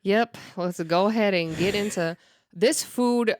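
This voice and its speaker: A woman co-hosting a podcast, chatting casually and telling lively stories with laughs and loud outbursts. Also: medium pitch, measured pace, no echo, studio quality. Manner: animated storyteller, loud and laughing. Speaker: podcast co-host. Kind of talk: casual chat.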